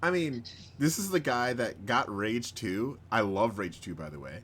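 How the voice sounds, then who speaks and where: A man hosting a live stream in casual chat, rambling, chuckling often and bursting into excited outbursts. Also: medium pitch, normal speed, husky. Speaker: host of a live-streamed show.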